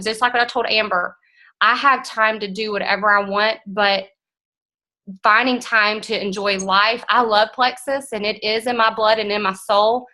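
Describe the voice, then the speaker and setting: A woman, giving a frank, animated motivational talk to her team as guest speaker. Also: mid-range voice, poor audio.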